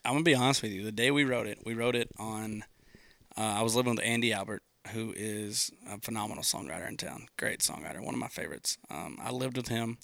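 A man's voice: lowish voice, fast talker, vocal fry, fairly bright tone, no room sound. A man, a songwriter, casually telling how a song was written, loose and rambling, swearing freely and often saying dude. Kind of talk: casual storytelling conversation.

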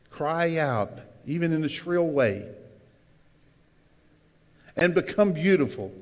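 A male pastor delivers a sermon at an unhurried, deliberate pace, punctuating it with loud bursts and quick questions to the congregation. His voice carries a long reverb from a church sanctuary. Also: fairly high pitch. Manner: emphatic preacher with sudden loud cries and call-and-response asides.

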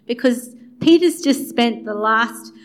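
A woman's voice: fairly high pitch, slow. Woman preaching a conversational sermon. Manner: conversational, acts out quoted dialogue with swings in loudness.

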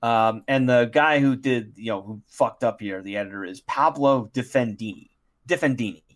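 A man co-hosting a podcast, talking in a wry, halting way and often restarting his sentences. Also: medium pitch. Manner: wry, halting, stumbles over words. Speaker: podcast co-host. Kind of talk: casual chat, reading aloud.

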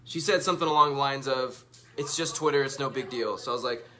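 Man in the middle of the range, bright and forceful tone, candid and profane storytelling vlog. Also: mid-range voice, fast. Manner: candid, profane, self-mocking. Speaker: vlogger. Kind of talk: casual storytelling, reading out tweets.

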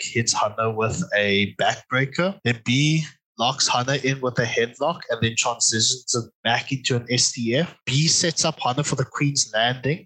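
A man's voice: mid-range voice, bright, forceful tone, low-quality recording. A man co-hosting a casual podcast, recapping a wrestling match move by move in a loose, chatty way. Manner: loose and chatty, many fillers and repeated "I see". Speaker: podcast co-host.

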